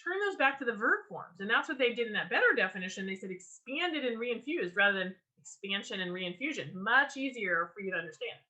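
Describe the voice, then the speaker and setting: Bright, upbeat woman teaching a workshop. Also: medium pitch, fairly quick, few pauses, low-quality recording. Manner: lively, enthusiastic teaching with frequent ums and restarts. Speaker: workshop leader. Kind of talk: online writing workshop lecture. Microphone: video call.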